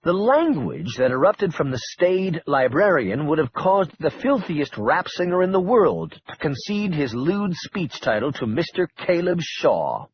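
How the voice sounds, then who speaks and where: A man's voice: a little high, sing-song, unhurried, hardly any pauses, dull audio, slight background noise. A man narrating an audiobook thriller in a wry, dramatic storytelling manner. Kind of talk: scripted narration.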